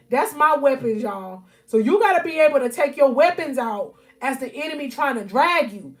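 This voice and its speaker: A woman's voice: sits high, lively intonation, normal speed, hardly any pauses. A woman life coach giving fervent motivational preaching on a live stream from home. She repeats her phrases and keeps calling out to her listeners as y'all. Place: at home, near her bed.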